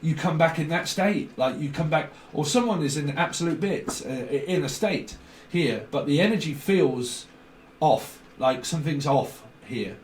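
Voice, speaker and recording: A man's voice: on the high side, normal speed, echoey room, far from the mic, a little hiss or hum. A man gives a tarot reading, rambling and free-associating, full of fillers and swearing. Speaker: tarot reader.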